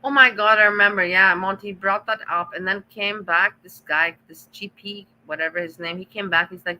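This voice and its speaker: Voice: mid-range voice, fairly even intonation, moderate pace, hardly any pauses, pushed and bright, rough recording. A stream host chatting casually and reacting to clips, exasperated and mocking.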